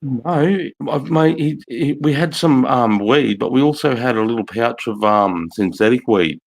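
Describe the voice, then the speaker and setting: A man's voice: medium pitch, a little slow, gravelly, poor audio. A man, telling a rambling story in casual livestream chat, swearing often and saying mate and bro.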